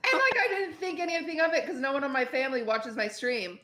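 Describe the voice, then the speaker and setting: A woman in her twenties chatting on a podcast, telling stories in an animated way and swearing freely. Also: high voice, quick pace. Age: 20s. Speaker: streamer guest. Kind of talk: casual podcast chat. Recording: roomy echoey recording.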